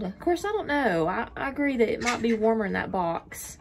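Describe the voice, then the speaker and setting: Out at the coop on a freezing day, a woman keeps up easy vlog chatter for the camera as she tends her chickens and coos sweetly at the hens. Her fairly quick voice is on the high side, swings widely in pitch, and carries vocal fry. There's slight background noise, with chickens clucking nearby.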